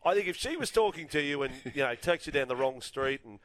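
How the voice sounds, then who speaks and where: An excitable man with an Australian accent hosting a sports radio show in a studio, chatting and laughing easily. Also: fairly high pitch, fast talker. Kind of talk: casual radio banter. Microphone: studio microphone.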